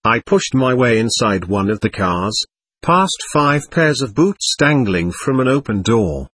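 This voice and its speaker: A man narrates an audiobook in a steady first-person telling. His voice is husky, recorded dry and close to the mic, and his pitch moves freely through the lines. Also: measured pace, dry recording.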